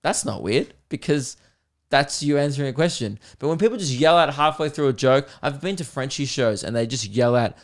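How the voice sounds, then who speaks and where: A man's voice: mid-range voice, lively intonation, a little fast. A young Australian man hosting a podcast, ranting crudely and sarcastically between laughs. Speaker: podcast host and comedian. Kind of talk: casual comedic rant.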